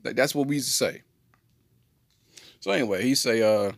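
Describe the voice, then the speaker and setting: A man telling a comedic story on a podcast in an animated, slangy way. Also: mid-range voice, normal speed, gravelly, dry recording, clean studio sound. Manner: animated, slangy, jumps into voices. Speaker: podcast co-host.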